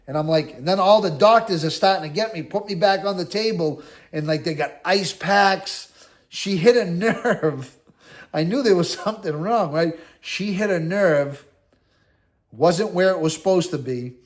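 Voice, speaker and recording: Animated middle-aged man telling a story. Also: high voice, normal speed. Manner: animated storyteller, quoting others and himself, salty slang. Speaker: vlogger telling his own story. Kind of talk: casual storytelling.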